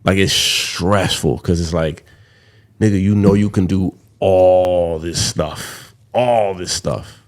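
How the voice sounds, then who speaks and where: A man's voice: deep voice, takes it slowly. A young man hosting a podcast, talking candidly in a rambling, casual way and swearing freely. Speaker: podcast host.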